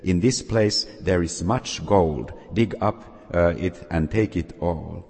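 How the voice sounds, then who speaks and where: A man voicing a grateful male snake in a storybook tale, speaking slowly and formally. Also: low voice, gravelly, darkish tone, husky, heavily acted. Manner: slow, formal, respectful speech. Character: grateful male snake guarding buried gold. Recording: long reverb.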